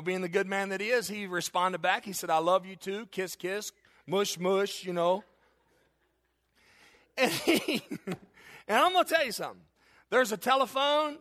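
High, bright-voiced man preaching. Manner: storytelling, laughs at himself, animated. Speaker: pastor. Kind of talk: sermon.

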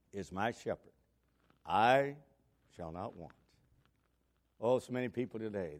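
An older man preaching a sermon, swinging between loud emphatic exclamations and soft asides. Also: mid-range voice. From United States.

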